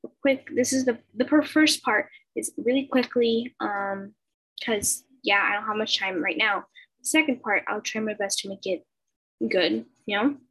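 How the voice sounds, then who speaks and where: A woman's voice: mid-range voice, normal speed, fairly bright tone, husky, rough recording. A young woman, likely a teenager, reading a fan story aloud in a casual, hesitant way with stumbles and fillers, recorded on a laptop over a video call at home. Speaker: fan fiction reader. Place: bedroom at home.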